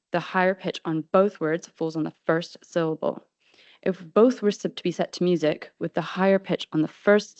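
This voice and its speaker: A woman presenting an academic conference paper in a careful, measured reading style with frequent hesitations. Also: fairly low pitch, vocal fry, a little mellow, no room sound, muffled recording. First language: not Swedish.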